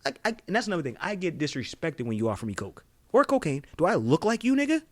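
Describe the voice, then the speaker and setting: An animated young man from tells stories on a casual podcast. His voice sits a bit high and swings widely in pitch as he acts out other people's voices. He swears freely and laughs often. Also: fast. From Boston. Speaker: podcast co-host. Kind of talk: casual storytelling chat.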